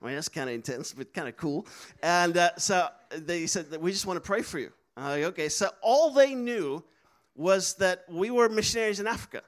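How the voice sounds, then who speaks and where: A man's voice: high-pitched, animated, normal speed. A man preaching a sermon, telling a story with laughs and acting out the voices of people he quotes. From Netherlands.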